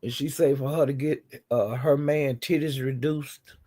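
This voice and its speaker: A man's voice: mid-range voice, fairly even intonation, a little slow, warm tone. A man hosting a casual chat, bluntly retelling online drama in a chatty, gossiping way. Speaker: host recapping livestream drama.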